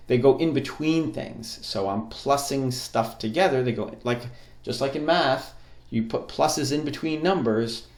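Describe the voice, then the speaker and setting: A man's voice: medium pitch, reverberant. A man teaching a coding lesson, talking through each step while he types on a keyboard. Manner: relaxed, thinks aloud while typing. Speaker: programming teacher. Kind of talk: screen-recorded coding lesson.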